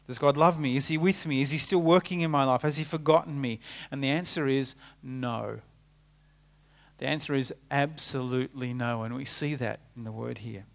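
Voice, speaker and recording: A man preaching a sermon, earnest, rising for emphasis and dropping to a hushed tone. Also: mid-range voice, normal speed, creaky.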